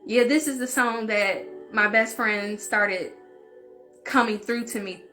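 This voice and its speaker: Young woman vlogger, high bright voice, confessional and tearful, over faint music. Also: fairly even intonation, slow. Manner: emotional, confessional, speaks openly and with feeling. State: tearful at times. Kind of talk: emotional story time.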